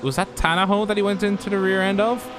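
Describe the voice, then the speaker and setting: Male co-commentator, slightly high voice, relaxed and jokey, noisy recording. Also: fast talker. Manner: chatty, laughs, loose and joking. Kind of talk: sim racing live commentary.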